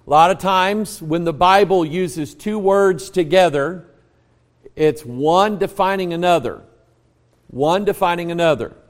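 A man's voice: high voice, a little slow. A man with an American accent, a pastor teaching a Bible class in a folksy, storytelling way, quizzing the group and restarting phrases. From United States. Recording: long reverb of a large room.

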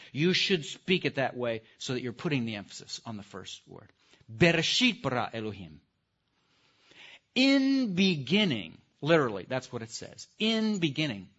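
Man lecturing a class, dull recording. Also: medium pitch. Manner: lively, asks the audience questions, stresses key words. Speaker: teacher. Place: room with a live audience.

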